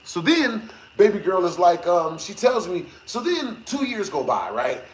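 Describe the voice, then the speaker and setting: A man streaming games who tells a story to his chat in a lively, slangy way, laughing often and swearing. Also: high voice, a little slow. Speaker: gaming streamer. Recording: echoey room with faint noise.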